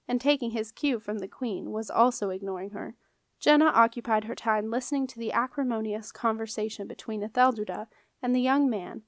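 A woman's voice: a little high, dry recording. Woman reading a storybook aloud. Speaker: audiobook reader. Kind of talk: storybook narration.

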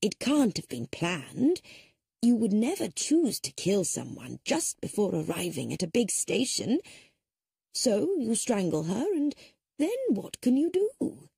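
Here a woman gives an exaggerated audiobook voice to a gentle, sharp-witted elderly spinster sleuth, raising her medium pitch above its natural level. Her delivery is a little slow with huge pitch swings, vocal fry, mellowness and slight roughness. She stays mild and polite, reasoning carefully in a gentle mood, in studio-quality audio with no room sound.

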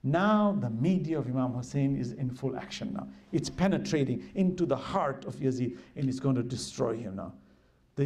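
A man's voice: medium pitch, dark tone. A man giving a religious lecture, retelling history emphatically and acting out the quoted dialogue. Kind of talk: religious lecture with dramatic storytelling.

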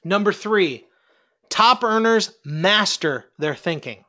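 A man's voice: high voice, expressive, takes it slowly, bright, forceful tone, dull audio. A middle-aged man, a network marketing coach, giving a fiery, preachy motivational talk and challenging his listeners.

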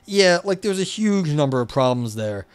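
A man's voice: a little high, big pitch swings, moderate pace, clear, resonant tone, no echo. A man with a New York accent, hosting a livestream, reading an academic paper aloud and then chatting loosely with lots of fillers. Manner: reads academic text then chats loosely with many fillers.

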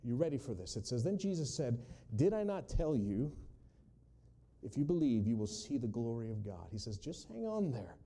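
A man preaching a sermon, sharing his testimony and shifting between hushed storytelling and loud, emphatic quotes. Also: mid-range voice, big pitch swings, moderate pace.

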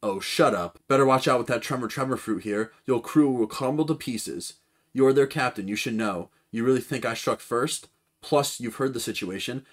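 A man voicing a weary former navy admiral, low and subdued. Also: normal speed, natural voice. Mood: sullen. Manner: low, subdued, sullen delivery.

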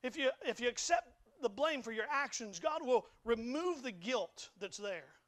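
Very high-pitched and animated, with a fairly bright tone and moderate pace, a young adult pastor preaches in a church sanctuary. He's folksy and emphatic, regularly stammering and repeating himself.

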